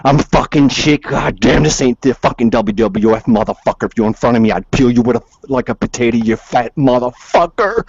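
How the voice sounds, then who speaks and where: A man's voice: medium pitch, a little fast, hardly any pauses, darkish tone, slightly rough, no echo. Furious profanity-spitting man on muffled audio. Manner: profane threatening ranting. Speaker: podcast co-host. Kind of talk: heated podcast argument.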